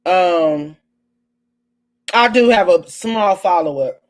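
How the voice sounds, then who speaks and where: A woman's voice: on the low side, animated, takes it slowly. A woman hosting her own live online show, chatting casually and animatedly with viewers, full of exclamations and asides. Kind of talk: casual live-stream chat.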